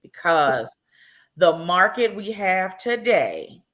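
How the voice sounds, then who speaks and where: Bright-voiced lively woman host. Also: on the low side, slow pace. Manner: lively, laughs often, loose casual speech. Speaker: podcast host. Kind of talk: casual live podcast chat.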